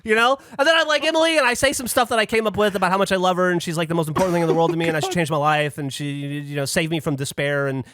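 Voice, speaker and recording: A man's voice: on the high side, very fast, hardly any pauses. A man hosting a podcast, telling a story casually and animatedly, swearing often and acting out what people said. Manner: animated, swears a lot, acts out quotes. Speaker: podcast host.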